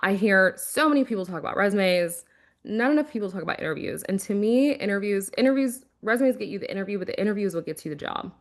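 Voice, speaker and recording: A woman who was once a recruiter, giving casual career advice in a conversational, animated way, often acting out quotes. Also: mid-range voice. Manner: conversational, animated, quick asides and acted-out quotes. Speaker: former recruiter and career coach.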